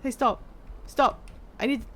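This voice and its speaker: A woman's voice: takes it slowly, fairly bright tone. A woman streaming a video game live, chatting and joking with her viewers as she plays. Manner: chatty, joking, talks to chat while playing. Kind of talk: casual live-stream gameplay commentary.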